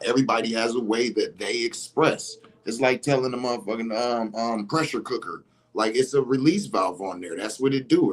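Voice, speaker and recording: A man talking in a casual livestream monologue, animated and emphatic, swearing freely. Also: on the low side, slightly rough. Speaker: vlogger.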